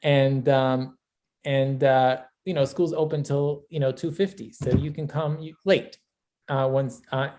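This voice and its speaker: A chatty, encouraging host runs a graduation over a video call, teasing the graduates now and then. The voice sits at a middling pitch and is heard through a call microphone. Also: steady tone, measured pace, warm tone. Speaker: ceremony host. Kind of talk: hosting a virtual graduation.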